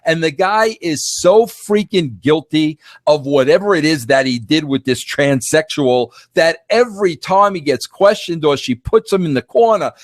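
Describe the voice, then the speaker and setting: Podcast host, male, fifties. Animated, emphatic delivery with frequent stammering restarts. Dry sound. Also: fairly high pitch, no echo. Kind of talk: casual monologue.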